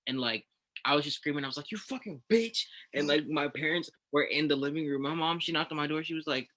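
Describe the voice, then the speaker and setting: A young man co-hosting a podcast, telling stories in a rapid, animated way. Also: on the high side. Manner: rapid, animated storytelling with lots of cursing. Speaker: podcast co-host. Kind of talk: casual podcast chat.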